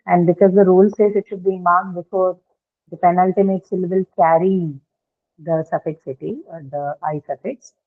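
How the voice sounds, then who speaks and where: A woman's voice: on the low side, steady tone, normal speed. A woman teaching an English class, explaining patiently and checking in with her students. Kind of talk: classroom lecture on word stress. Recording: phone-like lo-fi classroom audio.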